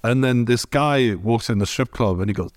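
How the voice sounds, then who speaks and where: A man's voice: medium pitch, normal speed, no echo. A man with a Geordie accent hosting a casual interview, laid-back and swearing casually. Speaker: interview host.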